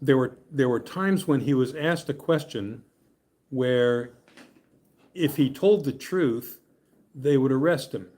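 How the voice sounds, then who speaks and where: A man at an ordinary middle pitch leads a Bible study in a loose, conversational way. He reads scripture aloud, breaks off to explain it with jokes, and keeps checking in with his class. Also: takes it slowly, pauses often, a little mellow. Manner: chatty and joking, often laughing and checking in with "okay?". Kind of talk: casual Bible study teaching and scripture reading.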